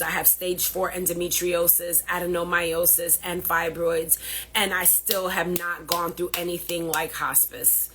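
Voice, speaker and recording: A woman's voice: fairly low pitch, bright, forceful tone, breathy edge. A woman hosting a livestream as a health coach, speaking emotionally and earnestly while grieving. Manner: earnest, repetitive, pleading at times. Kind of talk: emotional livestream talk to viewers.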